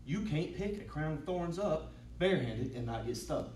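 A man, preaching a sermon as pastor, humming between lines and building to shouts. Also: on the high side, animated, normal speed, roomy sound, recorded from a distance, a little hiss or hum, rough recording. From Georgia, US. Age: 40s. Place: church sanctuary.

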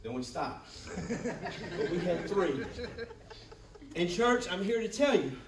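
Male pastor, fairly high voice, preaching to a congregation with "Amen?" call-outs and loud-to-quiet swings, echoey sanctuary, heard from a distance. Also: very animated, slow, slight background noise. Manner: swings between loud rising bursts and low quiet passages. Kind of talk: sermon. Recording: echoey room, voice from far off.

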